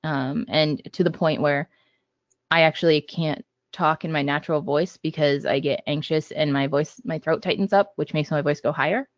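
A man, a game designer guest on a podcast, talking in a measured way with frequent ums. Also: on the high side, fairly even intonation, no echo. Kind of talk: casual podcast chat. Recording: dull, dry lo-fi audio.

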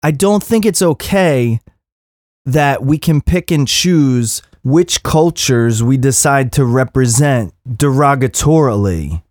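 A man's voice: medium pitch, lively intonation, slow pace, a little mellow, dry recording, studio quality. A man in his thirties ranting in an impassioned, profane monologue as a podcast host. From Philadelphia area.

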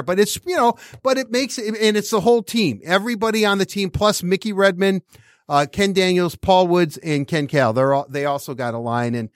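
Chatty man, fairly high voice. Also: brisk, no room sound, studio quality. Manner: rambling, many restarts, laughs while talking. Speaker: podcast host. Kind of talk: casual sports chat.

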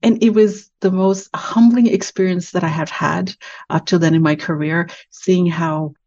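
A woman from Canada, a guest in an interview, tells stories from her career in a lively way and acts out the dialogue she quotes. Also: lowish voice, normal speed, highs cut off. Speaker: guest, HR executive. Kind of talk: interview storytelling.

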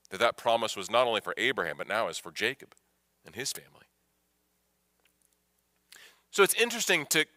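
A man preaching a sermon as pastor, emphatic, repeating phrases and swinging from hushed to loud. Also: mid-range voice, no echo, studio quality.

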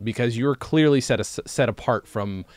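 A man's voice: medium pitch, moderate pace, darkish tone, no echo. A man hosting a casual podcast interview, asking questions with self-deprecating enthusiasm. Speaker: podcast host.

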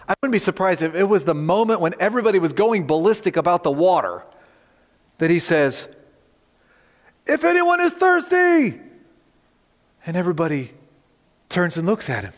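A male pastor preaching a sermon, animated, rising loud on quoted words and turning to the congregation with conversational asides. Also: sits high, big-room sound.

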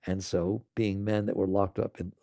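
Male teacher, gravelly voice, dry close sound, emphatic storyteller who keeps asking "right?". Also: low-pitched, little pitch movement, normal speed, dark tone, dry recording. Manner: tells stories and acts out other people's lines. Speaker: spiritual teacher. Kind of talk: spoken teaching talk to an audience.

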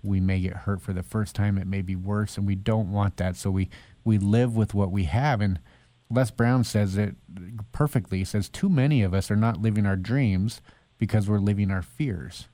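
A man's voice: fairly low pitch, normal speed, mellow, no room sound. A man, an author and speaker, earnestly telling a personal story in a conversational interview. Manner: earnest storytelling, acting out quoted voices.

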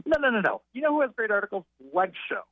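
A screechy, shrill, loud-mouthed middle-aged comedian, as a man puts him on while telling a story. The voice jumps far above the speaker's own pitch. It comes through a thin, tinny phone line with no room sound at all. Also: animated, fast, no room sound. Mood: eager.

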